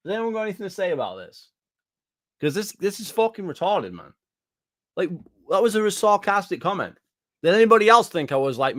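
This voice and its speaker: Male reaction host, slightly high voice, dry close sound; swears constantly and circles back over the same complaint. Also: a bit bright, dry recording. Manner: profane, indignant, repeats himself. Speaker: gaming YouTuber reacting to a response video. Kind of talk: angry reaction rant.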